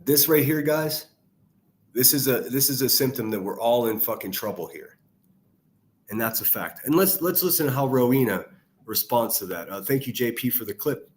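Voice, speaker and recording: A man's voice: medium pitch, lively intonation, moderate pace. A man ranting angrily over clips he plays, swearing heavily and hurling insults as a commentary youtuber. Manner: angry, profane, shouting insults.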